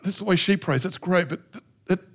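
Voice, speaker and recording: A middle-aged pastor preaching a sermon with passion, acting out heartfelt prayers in changing voices. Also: male voice, high-pitched, fairly quick, vocal fry. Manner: impassioned, acts out prayers in shifting voices.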